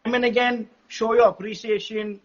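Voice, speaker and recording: A man's voice: very high-pitched, level tone, moderate pace. A man hosting a casual interview, who talks in a chatty way with many fillers. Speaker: host. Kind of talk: casual interview on a live stream. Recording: dull, muffled sound.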